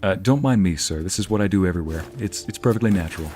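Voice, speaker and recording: A man's voice: deep voice, rapid-fire, darkish tone. A young man hosting a let's play, chatting and joking casually with his viewers as he plays. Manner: joking, chatty, talks to chat. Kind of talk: casual gameplay commentary.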